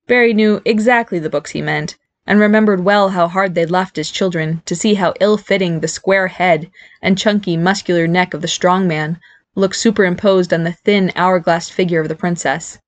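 A woman narrating a novel in an even, clear storytelling manner. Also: on the low side, moderate pace, dry recording. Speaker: audiobook narrator. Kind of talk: scripted narration.

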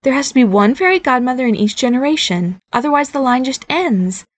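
A woman's voice: high voice, lively intonation, fairly quick, voice pushed up. A woman voicing an eager, nervous fairy godmother mother who chatters and reassures, in an audiobook reading. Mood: chatty, anxious. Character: cheerful, nervous middle-aged fairy godmother mom.

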